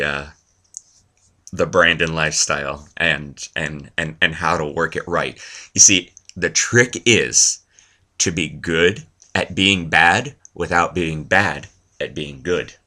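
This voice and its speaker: Deep-voiced man rambling through jokes. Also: pushed and bright. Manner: loose, one-liner jokes with self-mocking asides. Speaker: vlogger. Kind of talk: rambling comedy monologue.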